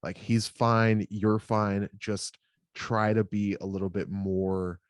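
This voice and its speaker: Male podcast co-host, lowish dry voice, loose rambling storyteller. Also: flat delivery, takes it slowly, smooth, no room sound. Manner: rambling storyteller, heavy on filler words. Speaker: podcast co-host and new father. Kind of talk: casual podcast conversation.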